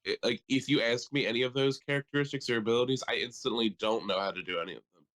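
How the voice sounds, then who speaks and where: A man co-hosting a podcast in casual chat, riffing in a profane, animated way. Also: mid-range voice, fast. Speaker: podcast co-host.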